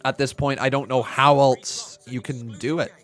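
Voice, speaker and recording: A man commentating live as a streamer, chatty and excitable, reading chat messages and breaking into loud chants. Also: mid-range voice, normal speed, faint music behind. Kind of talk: live watch-along commentary.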